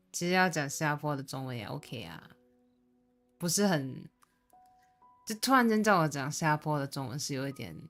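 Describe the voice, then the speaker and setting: A young Singaporean woman with a low voice and a Singaporean English accent chats casually with viewers on a live stream, laughing often. She switches between English, Mandarin and Japanese, with faint music playing in the background.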